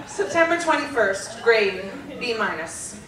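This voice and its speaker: A woman's voice: on the high side, unhurried, distant mic, over a noisy crowd, heavy background noise. Woman reading her diary on stage. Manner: deadpan diary reading, breaking into laughter. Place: theater stage before a laughing audience. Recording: roomy live theater recording with loud audience.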